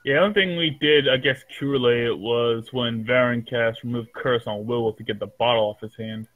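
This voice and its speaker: A man's voice: mid-range voice, fairly even intonation, moderate pace. A man, a tabletop game player, giving a matter-of-fact recap. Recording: husky voice over a phone-like line.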